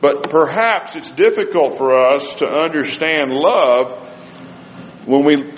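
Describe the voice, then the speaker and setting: A man's voice: on the high side, slow, slight background noise. A man preaching a sermon and reading scripture aloud with rising and falling emphasis. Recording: reverberant hall with faint ambience.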